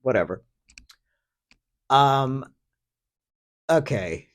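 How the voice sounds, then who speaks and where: A man's voice: medium pitch, lively intonation, slow. A man hosting a podcast alone, talking through a story in a casual, profane, sardonic ramble full of fillers. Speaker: podcast host. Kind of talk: casual solo commentary.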